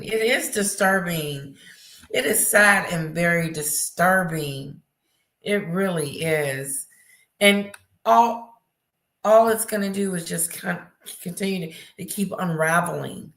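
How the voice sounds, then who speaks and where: A woman with a low, gravelly voice hosts a live chat stream, taking her time over each word. She reads viewer comments aloud and answers them, greeting regulars by name. The sound is roomy and echoey. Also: slow, a bit bright. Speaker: livestream host reading chat. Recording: echoey room.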